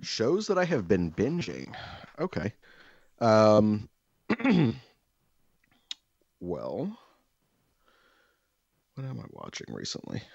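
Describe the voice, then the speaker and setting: Guy with a really low voice ranting and swearing on a podcast, dry dull-sounding mic. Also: huge pitch swings, extremely slow, gravelly, pauses often, dry recording. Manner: profane, exaggerated ranting with loud bursts. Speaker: podcast co-host. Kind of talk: casual storytelling chat.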